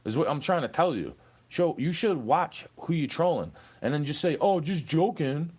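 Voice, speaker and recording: A young man in an angry, profane rant aimed at an online troll. His pitch swings widely as he lectures and taunts, and he keeps falling back on "bro.". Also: expressive, normal speed, husky. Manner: profane, confrontational, repeats "bro".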